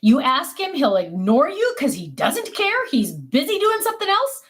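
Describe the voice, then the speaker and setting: A woman's voice: high-pitched, moderate pace. Chatty older woman hosting a craft stream. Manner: chatty, animated storytelling with laughs. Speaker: host of a crafting livestream. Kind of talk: casual chat to viewers.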